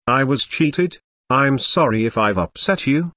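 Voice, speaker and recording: A synthetic male voice reading the halting, apologetic lines of a tearful young wife in a web novel audiobook. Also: mid-range voice, lively intonation, bright, forceful tone, no echo, studio quality.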